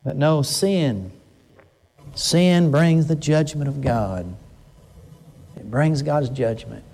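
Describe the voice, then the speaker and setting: Earnest older preacher, higher voice. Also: male voice, gravelly, darkish tone. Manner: earnest, emphatic, slows words for stress. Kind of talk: conversational sermon.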